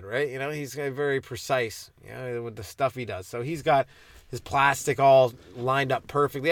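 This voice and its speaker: A young man hosts his comedy podcast as a loose solo monologue, restarting his sentences and mocking his own dark jokes. His voice sits at an ordinary middle pitch. The recording is dry and close, with no room sound. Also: dry recording. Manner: self-deprecating, stumbling and restarting, dark jokes. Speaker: stand-up comedian hosting a podcast.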